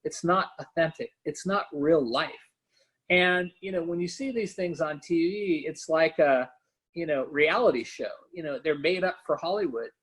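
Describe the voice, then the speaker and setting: A man's voice: on the high side, normal speed, fairly bright tone, breathy edge, low-quality recording. A man, a company founder and CEO, talking candidly and personally in a webinar conversation, filling gaps with "you know" and "right?".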